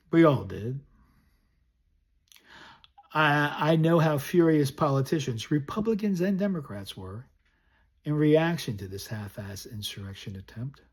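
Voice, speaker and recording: A man's voice: fairly high pitch, darkish tone, husky. A man from the United States delivering a recorded political essay in a blunt, indignant and scornful way. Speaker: political commentator.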